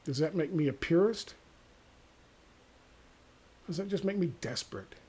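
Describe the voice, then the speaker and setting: Exasperated, foul-mouthed male vlogger, slightly high, raspy voice. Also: animated, a little slow, mellow. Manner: profane, exasperated, sarcastic. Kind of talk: ranting monologue to camera.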